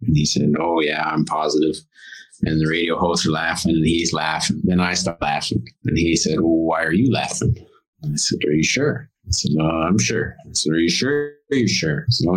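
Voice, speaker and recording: Deep husky man giving gentle advice. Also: rough recording. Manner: slow, earnest, draws out key words. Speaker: podcast guest, intuitive. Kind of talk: storytelling and spiritual advice.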